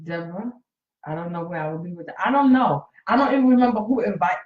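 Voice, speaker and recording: A woman's voice: on the low side, fast talker, roomy sound, phone-quality sound. A woman in her late fifties, a coach and nurse, talks candidly and emotionally to viewers during a casual live stream from her phone. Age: 50s.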